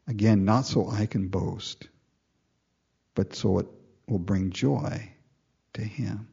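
A man preaching with lots of energy, voicing prayers as if speaking them himself and chuckling along the way. His voice is a little husky, and the recording sounds dull and muffled. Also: fairly low pitch. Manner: animated, acts out quoted prayers, laughs often. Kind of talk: sermon.

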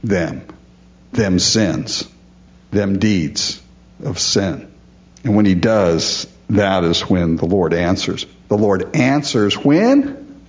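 A man's voice: low-pitched, big pitch swings, takes it slowly, muffled recording. A man preaching a sermon, earnest and emphatic, often calling his listeners folks. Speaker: pastor.

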